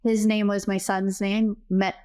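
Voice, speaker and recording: A woman's voice: medium pitch, flat delivery, unhurried, dark tone, clear, resonant tone. Middle-aged woman telling her story. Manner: earnest, acts out remembered dialogue. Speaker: podcast guest, psychic medium. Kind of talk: personal storytelling in a casual interview.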